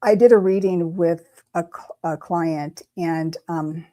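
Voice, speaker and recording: A woman's voice: on the low side, slow, dark tone. A woman, a tarot reader, telling a personal story in casual chat, emotional and rambling with many restarts. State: tearful at the start. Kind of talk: casual storytelling on a talk stream.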